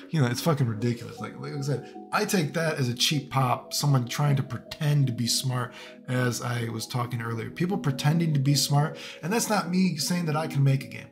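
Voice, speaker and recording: A man's voice: mid-range voice, a little fast, creaky. Ranting man with music behind. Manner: casual, profane, rambling, with many fillers. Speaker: fighting game streamer and commentator. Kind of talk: ranting commentary.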